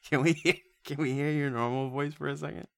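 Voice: mid-range voice, fairly even intonation, a little fast, creaky, slight background noise. A podcast co-host in casual chat, rambling and joking crudely while laughing a lot.

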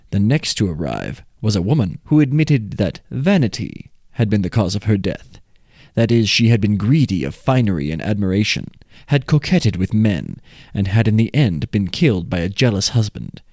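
A man reading a folk tale aloud in a measured, expressive way. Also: lowish voice, no room sound, studio quality. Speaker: storyteller.

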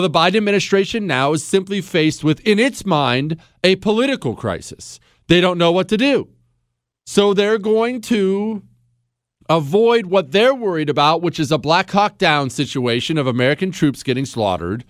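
A man's voice: a little high, dry recording. A man hosting a talk radio show, delivering a sarcastic, opinionated monologue into a studio mic. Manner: sarcastic, mocking, acts out quoted voices.

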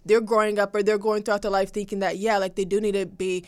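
A woman's voice: medium pitch, level tone, fast, darkish tone. Woman in her 20s, guest on a chat, earnest, just talking it through. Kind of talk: casual conversation.

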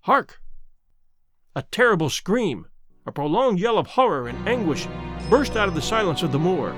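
A man narrating a classic novel as an audiobook in a dramatic, expressive way. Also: high-pitched, normal speed, music in the background.

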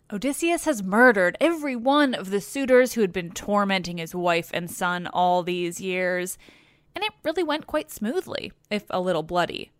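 Podcast storyteller, woman, playful and wry, fairly high voice, dry recording. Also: no echo. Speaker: podcast host and narrator. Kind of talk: casual storytelling retelling of a myth.

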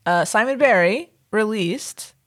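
A woman's voice: mid-range voice, lively intonation, slow. A woman co-hosting a podcast in casual chat, playful, slipping laughs between phrases. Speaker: podcast co-host.

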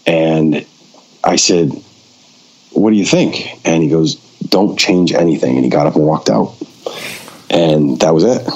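Low-voiced male filmmaker spinning a casual story with plenty of ums and acted-out quotes. Slightly muffled recording. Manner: animated storyteller who acts out quoted dialogue; frequent fillers and restarts. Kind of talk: casual anecdote-telling in a conversation. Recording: dull lo-fi recording.

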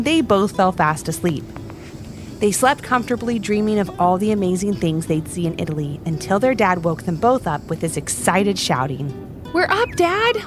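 A young woman narrating a children's story in a bubbly, exclamatory, sing-song manner. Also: medium pitch. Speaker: storyteller host.

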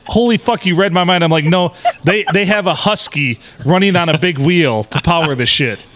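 A man's voice: a little high, normal speed, background noise. A man, co-hosting a podcast in crude, joking casual chat. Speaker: podcast co-host.

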